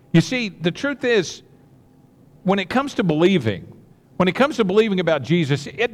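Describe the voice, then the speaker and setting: A man's voice: fairly high pitch, big-room sound. A man preaching a sermon, earnest and repetitive, with many restarts and direct asides to the congregation. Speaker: pastor.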